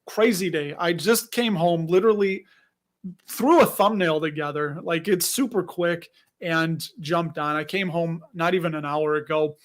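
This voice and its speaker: Man, Chicago accent, high voice, casual livestream host, rambling, laughs a lot. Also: unhurried. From Chicago area. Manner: rambling, chatty, laughs often.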